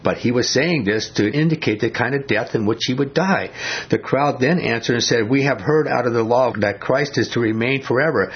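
A man delivers a conversational sermon, putting questions to his listeners and dropping low and slow whenever he quotes scripture. His voice has a breathy edge, and the recording sounds dull and lo-fi.

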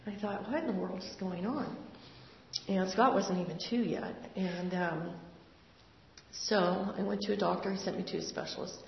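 An older woman sharing a personal faith testimony in an earnest, conversational way, with pauses and fillers. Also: medium pitch, vocal fry. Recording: roomy hall, dull lo-fi sound.

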